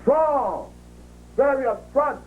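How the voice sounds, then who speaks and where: A man's voice: very high voice, animated, slow, recorded from a distance, phone-quality sound, slight background noise. A man giving an impassioned, preaching lecture to a live audience, emphatic and repeating himself for effect. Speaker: public speaker. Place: live event before an audience.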